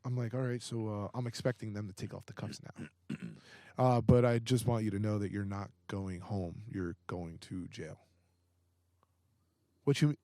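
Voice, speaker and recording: A young man, a podcast guest, telling a story in a casual, animated way, with heavy swearing and lots of fillers. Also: fairly low pitch, moderate pace, pauses often, dry recording, studio quality.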